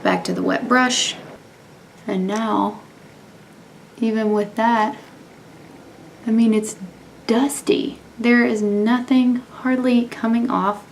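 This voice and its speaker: Chatty young woman with a gravelly edge. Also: mid-range voice, a little hiss or hum. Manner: chatty and candid, narrating each step. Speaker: beauty vlogger. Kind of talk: casual makeup tutorial and review.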